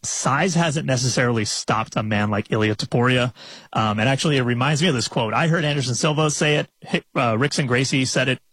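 Husky man talking fast betting analysis. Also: mid-range voice, a bit bright, no echo, poor audio. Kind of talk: casual podcast chat.

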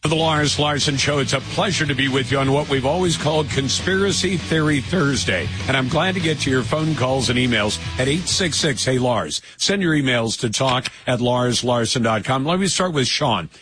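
A man hosting a call-in radio talk show, briskly steering the caller with questions. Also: medium pitch, over music.

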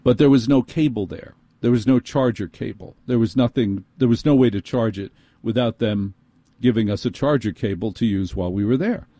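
A middle-aged man with a New York accent hosts a talk radio show, spinning an exasperated, sardonic story in quick bursts. His voice is mellow and unhurried in tone, at an everyday pitch, heard dry and close. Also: dry recording. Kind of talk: ranting storytelling monologue.

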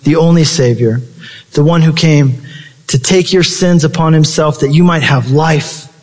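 A man's voice: measured pace, a little mellow, long reverb tail. A man preaching a sermon with passion, his voice leaping up for emphasis. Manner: impassioned preaching with sudden high-pitched emphasis. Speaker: pastor.

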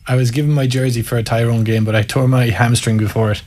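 This former Gaelic footballer from County Mayo, Ireland, talks fast in a medium-pitched, darkish voice with little pitch movement and an Irish accent. As a guest in conversation, he shares frank, self-deprecating stories and reflects openly.

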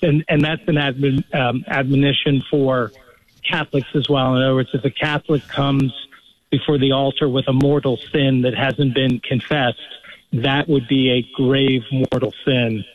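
A man calling in to a radio show, speaking earnestly and haltingly, often restarting his sentences. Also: mid-range voice. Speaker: caller. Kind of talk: phone-in call. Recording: tinny phone line.

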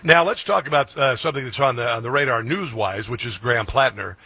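Male talk radio host, bright and husky, emphatic. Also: medium pitch. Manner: emphatic, quick agreeing interjections.

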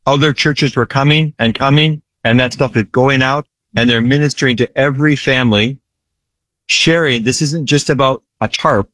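A man speaking at a middle pitch in a dry, close recording, describing his relief work with earnest emphasis. He repeats key phrases and checks in with a frequent "right?". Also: moderate pace, fairly bright tone, dry recording. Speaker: disaster relief ministry worker. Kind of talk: earnest interview storytelling.

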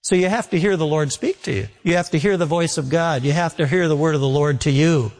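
Higher-voiced preacher in a reverberant hall. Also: male voice. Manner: folksy storytelling preacher, slows for emphasis. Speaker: pastor. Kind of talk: sermon. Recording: long reverb of a large hall.

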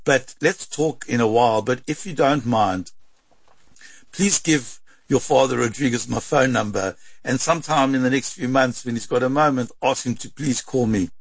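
A man tells an animated story in a husky, slightly rough voice. He speeds up in excited bursts and acts out the lines of the people in his story. His voice sounds close and dry. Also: medium pitch, dry recording. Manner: lively, quick bursts, acts out quotes. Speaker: interviewee, storyteller. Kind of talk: animated anecdote telling.

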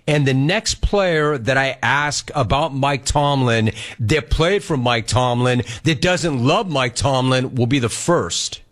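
A man's voice: mid-range voice, slow pace, few pauses, a bit bright. Enthusiastic man hosting a sports interview. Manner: enthusiastic, laughs easily. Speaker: radio host.

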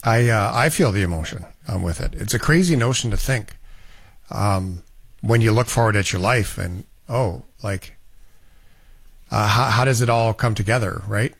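A man's voice: fairly low pitch, moderate pace, creaky, slightly rough, no echo. Easygoing guy hosting a talk show, thoughtful then jokey, dry close sound. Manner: reflective, easygoing, joking. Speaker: radio show host. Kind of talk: casual talk-show chat.

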